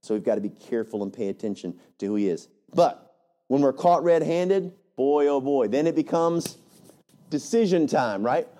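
A male pastor preaching a lively, conversational sermon, often checking in with "right?". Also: medium pitch, normal speed. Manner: animated, conversational, frequent "right?".

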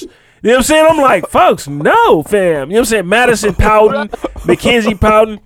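A man in his thirties talks casually on a podcast, spinning long stories about his kids and friends and acting out what everyone said. His voice sits high, and it is recorded dry and close with no room sound. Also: sing-song, normal speed, fairly bright tone, dry recording. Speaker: podcast co-host. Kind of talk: casual chat.

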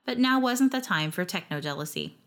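A woman narrating a first-person story in a wry, lively storytelling manner. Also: medium pitch, a little fast.

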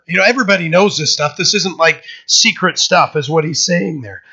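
Man, pastor, sermon, forceful bright voice, emphatic conversational preaching, muffled recording. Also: brisk, few pauses, slightly rough. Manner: emphatic, conversational preaching with many fillers and restarts; acts out quoted voices with sudden lifts in pitch.

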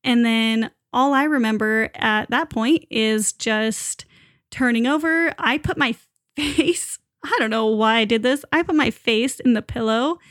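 Chatty young woman, high voice, dry close mic. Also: a little slow, a bit bright, no room sound. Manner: chatty, laughs often, many fillers. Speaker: new mother telling her birth story. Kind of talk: casual storytelling to camera.

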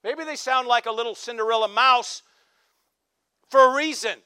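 Male pastor, very high voice, dry recording, call-and-response sermon, shouted emphasis. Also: normal speed, clear, resonant tone, dry recording. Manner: call-and-response exhortations, repeated "amen" and "come on". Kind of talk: preaching a sermon.

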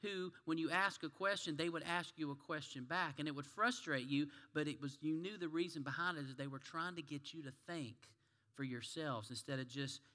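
Folksy preacher in a reverberant hall. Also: male voice, on the high side, a little fast, sharp tone. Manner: folksy, conversational storytelling. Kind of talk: sermon.

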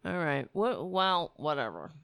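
Her low voice swings widely in pitch and has vocal fry, fairly bright and a little slow, recorded with no room sound. As a livestream host, she rants in angry, profane commentary while mocking herself.

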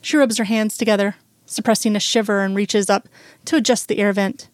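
A woman narrating a romance novel in an even, unhurried storytelling manner. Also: mid-range voice, no echo, clean studio sound.

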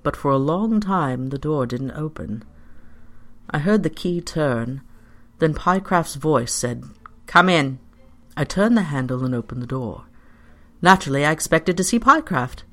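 A storyteller with a medium-pitched voice reads a scripted story aloud in the first person, delivering it in a measured, expressive way.

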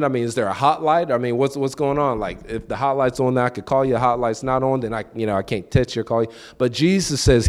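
A man's voice: mid-range voice, a little mellow. A man preaching a sermon in a loose, conversational way, asking the listeners questions and acting out quoted voices. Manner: conversational, repeats words and acts out quoted voices.

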